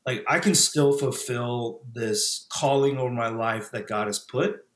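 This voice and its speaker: A man's voice: mid-range voice, a little slow, fairly bright tone. Reflective man in an echoey room. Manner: reflective, many fillers and self-restarts. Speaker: podcast guest, former pastor. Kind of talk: casual conversational interview.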